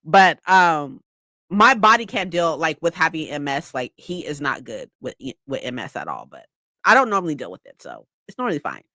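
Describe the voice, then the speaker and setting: A woman's voice: deep voice, sing-song, normal speed, bright, forceful tone, no room sound. A young woman from California chatting casually with viewers, swearing freely and laughing often. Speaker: streamer. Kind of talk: casual chat.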